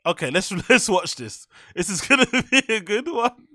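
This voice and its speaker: A man's voice: high-pitched, very animated, moderate pace, bright, forceful tone, no echo, studio quality. A man hosting a livestream, reacting to clips with casual, profane commentary and frequent laughter. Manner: swears often, laughs a lot, incredulous mocking. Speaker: podcast host.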